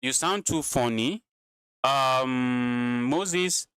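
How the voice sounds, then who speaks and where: A man streams his chess games live, commentating for his chat and saying the same phrases again and again in a tired way. He draws out his words in a medium-pitched voice that's a bit bright, clear, and resonant, and there's no echo.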